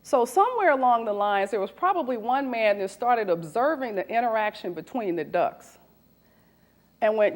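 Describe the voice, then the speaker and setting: A woman in her forties speaks as a recruiter addressing a live audience. Her voice sits fairly high and swings widely in pitch. She often stops to put questions to the room. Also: moderate pace. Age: 40s. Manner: animated, asks the audience questions. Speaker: recruiter giving a talk. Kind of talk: lively presentation to an audience.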